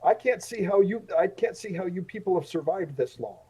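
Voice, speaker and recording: A man's voice: high voice, animated, a little fast, dark tone, husky, rough recording. Man voicing a sullen, scornful knight. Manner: scornful, complaining. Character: sullen haughty male knight companion.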